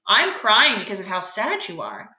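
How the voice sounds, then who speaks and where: A woman reading aloud as a patient young man who gently coaxes his cousin to open up. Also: mid-range voice, wildly swooping pitch, normal speed, highs cut off, full character voice. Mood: coaxing. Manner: gentle, coaxing questions. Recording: roomy echo.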